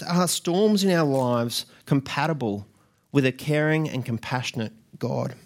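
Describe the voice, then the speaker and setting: Guy preaching, earnest, mid voice, keeps repeating words and starting over. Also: medium pitch. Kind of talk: sermon.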